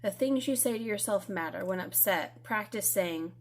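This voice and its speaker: A young woman speaks to her students in a recorded lesson. She is gentle and reassuring, with the odd "um" as she goes. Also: mid-range voice, lively intonation, normal speed. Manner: gentle, reassuring, with frequent fillers.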